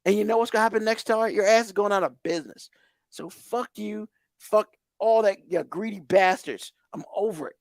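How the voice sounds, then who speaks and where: A man's voice: high-pitched, brisk, hardly any pauses, dry recording, clean studio sound. A man hosting a podcast, ranting in heated, profane exasperation. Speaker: podcast host.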